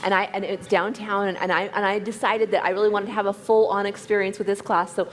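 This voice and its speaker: A woman's voice: mid-range voice, flat delivery, fast. A woman casually adding her side to a story told with her partner. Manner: chimes in to finish and correct his story.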